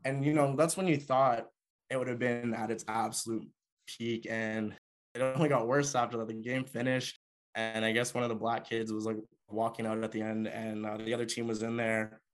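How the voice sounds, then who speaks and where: A man's voice: medium pitch, little pitch movement, normal speed. A young man from Canada, a former hockey player, telling a personal story in a casual, conversational way, with frequent filler words. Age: young adult.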